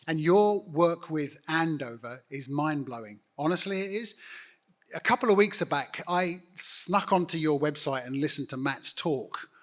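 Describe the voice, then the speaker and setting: Earnest man, higher-pitched voice. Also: lively intonation, unhurried, a bit bright. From United Kingdom. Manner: earnest, direct, appealing to the audience. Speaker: guest church network leader. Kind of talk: on-stage interview speaking to a congregation.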